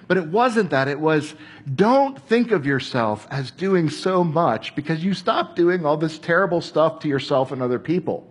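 A man's voice: on the high side, moderate pace, slightly rough. A male pastor giving an earnest sermon, telling a personal story and closing in prayer. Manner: earnest, storytelling, animated when recounting.

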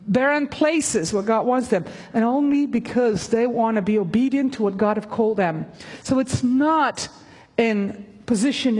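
A woman preaching a sermon and reading a story aloud, earnest and halting, with fillers. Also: on the high side, a little mellow, long reverb tail.

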